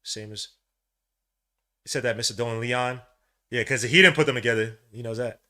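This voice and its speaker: Bright-voiced excitable New host, sports watch-along, slangy, mutters then cheers. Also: male voice, normal speed. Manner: excitable, swings from low mutters to loud cheering; casual slang, calls listeners bro and son. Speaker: podcast host.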